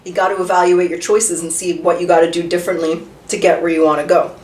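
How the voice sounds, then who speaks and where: A woman's voice: on the low side, flat delivery, fast talker, darkish tone. A woman giving a casual tarot reading, talking chattily with lots of rhetorical questions and the odd swear word. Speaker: tarot reader. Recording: roomy echo, voice a bit far from the mic.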